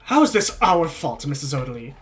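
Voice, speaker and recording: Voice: medium pitch, big pitch swings, a little fast, natural voice. A streamer voicing a polite, curious young woman, the heroine of a horror game.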